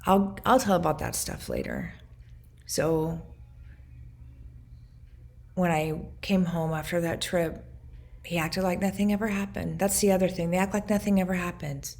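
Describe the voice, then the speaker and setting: A woman in her forties with a low voice speaks in a personal video journal. Her tone has a gravelly edge. She sounds earnest and reflective, pausing between short, halting phrases. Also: very animated, darkish tone. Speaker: vlogger recounting her past.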